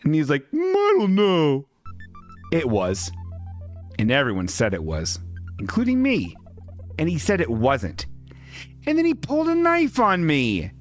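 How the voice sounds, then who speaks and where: A man co-hosting a comedy podcast, ranting profanely and spinning absurd deadpan stories. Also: on the high side, moderate pace, pauses often, soft background music. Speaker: podcast co-host.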